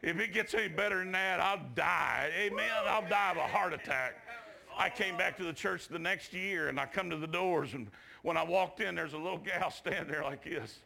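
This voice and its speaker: A gravelly, bright-toned male preacher with a drawl tells a revival story in church. His voice sits a touch high and climbs to shouts at the peaks. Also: moderate pace. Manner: shouts climaxes, drawls folksy asides.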